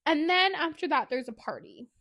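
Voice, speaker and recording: A woman co-hosting a podcast, retelling a book plot in casual, animated chat with laughs and asides. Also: sits high, normal speed. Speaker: podcast co-host.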